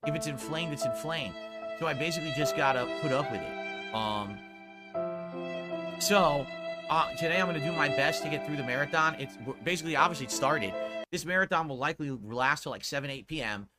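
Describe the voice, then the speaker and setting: A man streaming live, talking casually and bluntly to his chat in a laid-back way, with a sore throat and a lower voice than usual. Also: brisk, over loud music. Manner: blunt and profane when scolding chat.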